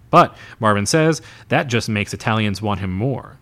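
A man's voice: on the low side, lively intonation, moderate pace, few pauses, fairly bright tone. Man casually reading a novel aloud. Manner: unpolished, stumbling restarts and chuckles.

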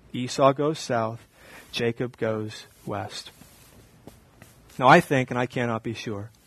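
A male pastor with a mid-range voice preaches a sermon. He moves from calm, reflective teaching into loud, mocking imitation.

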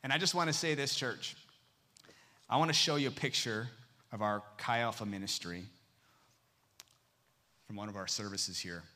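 A young adult man, a campus missionary, preaching a sermon full of stories and acting out dialogue with sudden pitch jumps. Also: moderate pace, pauses often, sharp tone.

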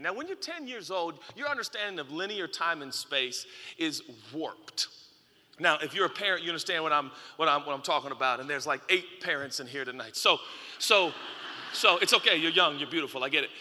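A man in his thirties, a pastor preaching a sermon, telling a story with playful asides to the congregation and swinging from hushed to shouting. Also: high voice. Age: 30s. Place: large church auditorium. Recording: reverberant church hall.

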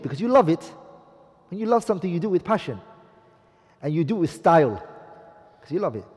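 Male religious teacher, husky and fairly high, heard in a reverberant hall. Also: a little mellow. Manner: questions the audience, mixes Arabic phrases. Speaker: Islamic studies teacher. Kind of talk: religious class lecture.

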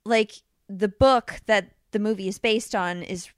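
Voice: mid-range voice, fairly even intonation, unhurried, clear, resonant tone, no echo, studio quality. A woman co-hosting a podcast, chatting casually about a movie with lots of fillers and laughter. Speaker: podcast co-host. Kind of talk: casual film review chat.

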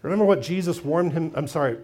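A man's voice: a little high, fast talker. A man preaching a sermon as pastor, retelling a story expressively and acting out its voices. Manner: expressive storytelling, acts out quotes.

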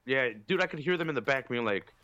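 A man's voice: mid-range voice, expressive, fast, pushed and bright, dull audio. A man on a podcast telling a long, profane, rambling story in casual chat, with lots of fillers. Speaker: podcast co-host.

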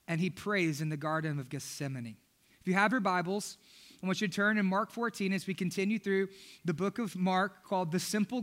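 A man preaching a sermon as pastor, with energetic, repetitive emphatic delivery. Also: sits high.

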